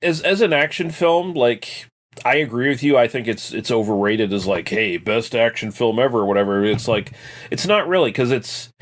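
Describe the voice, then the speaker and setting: A man's voice: medium pitch, expressive, normal speed. A man co-hosting a podcast, talking about a movie in a laid-back, agreeable way with lots of fillers. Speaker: podcast co-host. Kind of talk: casual movie review chat.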